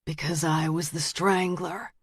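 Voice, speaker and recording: A woman reading the lines of a calm, menacing male detective who turns out to be a killer, in a quiet, flat voice. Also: lowish voice, moderate pace, dry recording, clean studio sound. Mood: cold menace.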